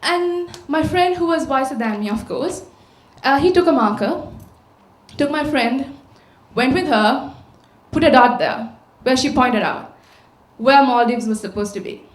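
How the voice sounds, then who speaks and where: Sri woman speaker, slightly high voice, storytelling in an echoey hall, rhetorical questions. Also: measured pace. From Sri Lanka. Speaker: conference speaker. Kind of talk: public talk. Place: large auditorium. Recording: echoey auditorium sound.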